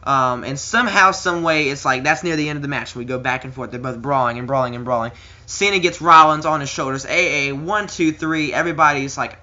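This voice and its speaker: A man's voice: a little high, a little fast, pushed and bright, dull audio. A young man casually giving wrestling predictions on his own, rambling with lots of ums and uhs and little chuckles. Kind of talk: casual solo commentary.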